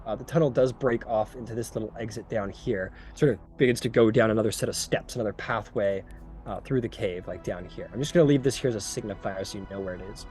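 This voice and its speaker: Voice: mid-range voice, fast talker, faint music behind. A game master narrating a tabletop game in a casual, filler-heavy way. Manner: casual, lots of fillers, lively.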